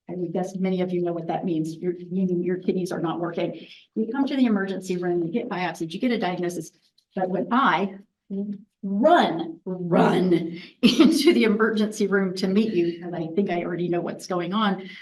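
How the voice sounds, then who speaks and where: A woman's voice: medium pitch, darkish tone, distant mic, poor audio. A woman of about sixty, a physician, gives a candid, chatty conference talk full of restarts and self-deprecating asides. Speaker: physician presenter.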